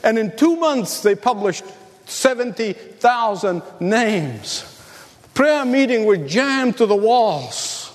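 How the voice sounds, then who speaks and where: A man's voice: sits high, sing-song, slow, in a large hall. A man preaching a sermon as the pastor, building to emphatic, repeated calls.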